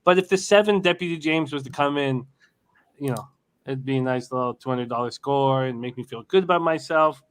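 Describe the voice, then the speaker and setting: A man's voice: mid-range voice, a little fast, clean tone. A man in his forties chatting casually as a co-host, swearing and hyping up his friends. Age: 40s. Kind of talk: casual live-stream banter.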